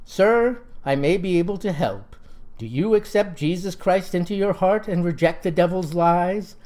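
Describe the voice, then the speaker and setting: Man doing a gentle, preachy president, soft and slow. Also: high-pitched, animated.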